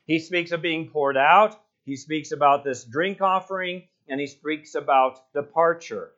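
A male pastor preaching a sermon, stressing words hard, rising to loud passionate peaks and dropping to quiet low asides. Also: unhurried, highs cut off. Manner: emphatic, builds to loud passionate peaks then drops low.

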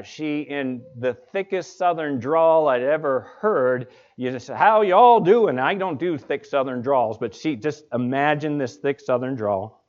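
A man's voice: on the high side, clear, resonant tone. A man preaching a sermon in a conversational storytelling way, as a pastor. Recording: dull lo-fi recording.

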